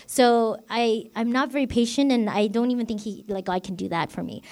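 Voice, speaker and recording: Brisk and fairly high-pitched yet darkish in tone, a woman deacon talks through an informal Bible teaching. She's conversational and self-revealing, filling her speech with "like" and "you know."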